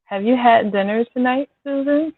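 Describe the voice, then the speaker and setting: A woman's voice: fairly high pitch, normal speed. Woman chatting to viewers while she cooks, kinda scratchy throat, sounds like a phone line, no room echo. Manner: chatty, talks to viewers by name, apologetic. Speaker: home cook hosting a live cooking stream. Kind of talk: casual live-stream chat while cooking. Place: home kitchen. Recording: dry, tinny phone-like sound.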